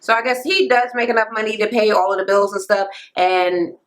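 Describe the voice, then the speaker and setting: A woman's voice: mid-range voice, a little fast, poor audio. A woman casually recapping a reality TV episode from home, blunt and profane, acting out the people she quotes. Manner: blunt, profane, retells scenes with quoted voices. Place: home near a police station, helicopter audible. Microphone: camera mic.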